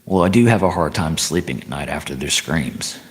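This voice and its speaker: A man voicing a hungry man-eating male werewolf who answers in flat, terse replies. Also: a bass voice, brisk, voice pushed down. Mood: blunt.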